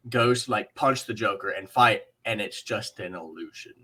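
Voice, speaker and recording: A man co-hosting a casual comic-book podcast, eager and quick, often repeating his words. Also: fairly low pitch, pushed and bright, husky. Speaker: podcast co-host.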